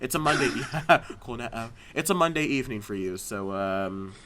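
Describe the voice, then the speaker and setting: Over a remote call, a man co-hosts a casual podcast, rambling, laughing often, stammering and repeating his words. His mid-range voice has lively intonation at a moderate pace, with a loud crowd in the background.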